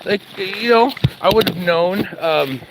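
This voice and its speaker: Out walking his dog on a live stream, a man rambles and jokes, talking to his chat and to the dog at a measured pace. His voice sits high, and there's heavy background noise.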